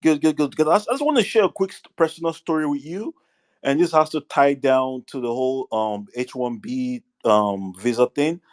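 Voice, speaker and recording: A man's voice: medium pitch, normal speed. A male caller who trips over his words. He repeats phrases several times as he starts to talk.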